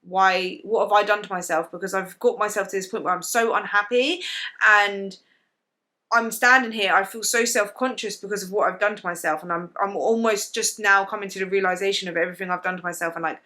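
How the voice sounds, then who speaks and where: Speaking fairly quickly in a pushed, bright voice of medium pitch, a young British vlogger shares a personal story to camera. She's emotional and confiding, her casual talk full of "like."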